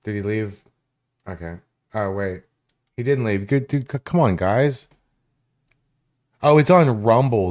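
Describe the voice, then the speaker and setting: This livestream host has a lowish, darkish voice with lively intonation, talking a little slowly and pausing often. He rants at his chat in a profane, confrontational way.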